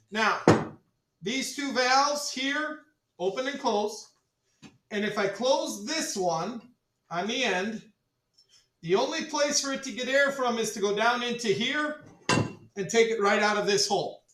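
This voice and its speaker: A male chemistry teacher running a classroom demonstration, joking with students, repeating "all right" and calling the class ladies and gentlemen. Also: very high-pitched, unhurried, pauses often, background noise. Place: school classroom. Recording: echoey classroom from far off.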